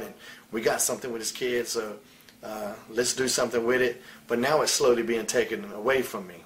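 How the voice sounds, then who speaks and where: A man's voice: medium pitch, a bit bright. A man in his forties, a former wrestler, talking bluntly and profanely in a candid interview, with faint hiss behind him. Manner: blunt, profane, heated storytelling. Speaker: retired pro wrestler as interview guest.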